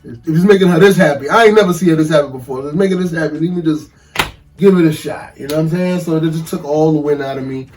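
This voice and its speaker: A man casually telling a funny story, animated and profane, laughing often and acting out the voices of people in it. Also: a little high, fast talker, far from the mic, faint music behind.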